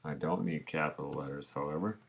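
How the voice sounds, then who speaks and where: A man, a teacher, narrating a screencast tutorial in a relaxed way, talking through each step as he clicks. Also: rumbling low, fairly quick, creaky, noisy background.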